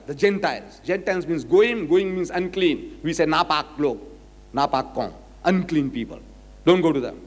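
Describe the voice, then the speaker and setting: A man giving a public lecture on scripture, emphatic, asking rhetorical questions and swinging between loud and quiet. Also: a little high, normal speed. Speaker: religious lecturer. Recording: reverberant lecture hall.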